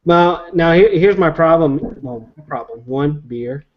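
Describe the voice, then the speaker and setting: A man's voice: on the high side, measured pace. Man hosting a video-call panel. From Cape Breton, Nova Scotia. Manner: jokey, rambling, with filler. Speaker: show host. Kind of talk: casual panel chat, reading viewer comments. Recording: dull lo-fi web call audio.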